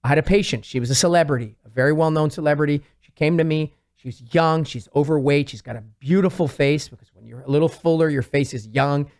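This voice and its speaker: A fast-talking man with a slightly high voice tells stories about his patients on a talk show. He is animated and acts out their lines as he goes, like a surgeon on a studio mic. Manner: animated storyteller, quotes patients in lively voices. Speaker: plastic surgeon, show regular. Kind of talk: casual talk-show conversation.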